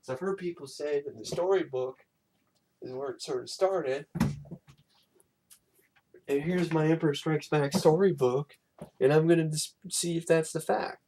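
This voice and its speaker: A young man giving a casual, exasperated film commentary, animated and swearing freely. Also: a little high, unhurried, long pauses, noisy background. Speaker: film reviewer.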